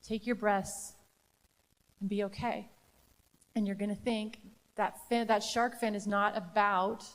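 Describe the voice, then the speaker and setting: A woman presenting a live training to educators, talking emphatically and asking the audience rhetorical questions. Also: on the high side. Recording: long hall reverb.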